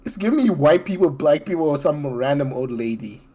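Young man, quiz player, lively pitch, blunt jokes, faint clicks in background. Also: brisk, background noise. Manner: blunt, joking, exclaims. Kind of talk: casual chat.

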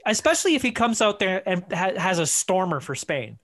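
A man's voice: high-pitched, very animated, a little fast, fairly bright tone. A man from Iceland co-hosting a casual football podcast, joking and sarcastic as he chats. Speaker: podcast co-host. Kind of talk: casual sports chat.

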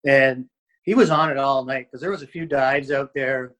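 A man's voice: medium pitch, steady tone, normal speed, fairly bright tone, poor audio. A man, a former hockey player, telling stories in a casual interview, rambling with lots of fillers and restarts.

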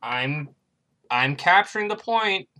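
A man's voice: sits high, expressive, slow, pushed and bright, pitched above the performer's own voice, exaggerated voice. A man putting on a Norwegian accent for a shooter-game character. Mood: cocky.

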